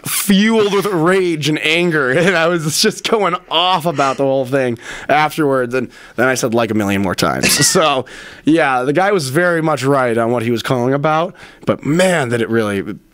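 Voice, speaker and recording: A young man hosting a radio talk show, telling a story in a casual, animated way and acting out the voices of a phone call. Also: a little high, normal speed, dry recording. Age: young adult. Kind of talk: casual chat.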